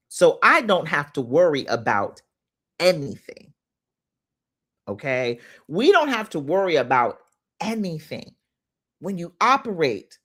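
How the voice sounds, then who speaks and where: Animated, laughing woman preaching encouragement. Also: on the low side. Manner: laughs often, preachy, emotional. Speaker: inspirational speaker. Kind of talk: motivational livestream talk. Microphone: phone.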